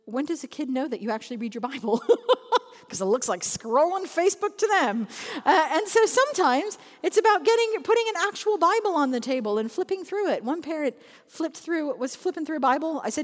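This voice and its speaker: A woman speaking about children's ministry, telling lively anecdotes with frequent laughter. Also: fairly high pitch, in a large hall. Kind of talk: storytelling talk.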